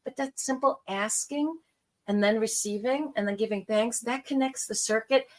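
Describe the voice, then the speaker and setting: Middle-aged woman guest, animated storyteller who plays out quoted voices, slightly high pitch. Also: moderate pace. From New York. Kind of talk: casual conversation.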